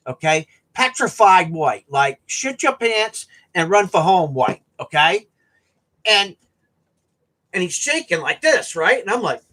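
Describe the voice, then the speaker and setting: East Coast man, fairly high, raspy voice, animated storyteller hosting a home vlog. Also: a little slow. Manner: animated, tags sentences with "right?" and "okay?". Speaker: vlogger host. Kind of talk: casual storytelling to viewers.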